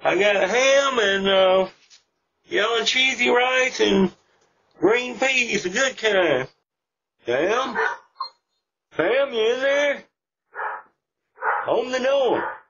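A man's voice: very high voice, animated, extremely slow, pauses often, pushed and bright, slightly rough, heavily acted. A man voicing a whiny, begging father pleading outside a locked door, in a comedic meme video, recorded as muffled lo-fi audio with faint music. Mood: coaxing.

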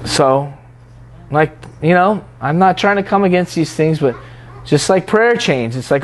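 High-pitched guy preaching, chatty, mocks how people pray. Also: expressive, unhurried, a little hiss or hum. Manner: conversational, teasing, mimics what others say in prayer. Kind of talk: sermon.

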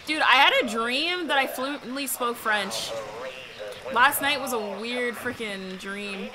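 A young woman streaming a game, chatting casually with loud, excitable outbursts. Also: a little high, takes it slowly, a crowd in the background. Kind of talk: live gameplay commentary. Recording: stream audio with background noise.

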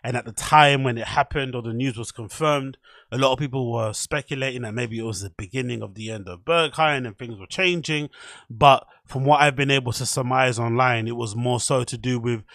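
A man's voice: mid-range voice, fairly even intonation, brisk, a bit bright, no room sound, clean studio sound. A man hosting a casual solo podcast, chatty and self-mocking. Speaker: podcast host.

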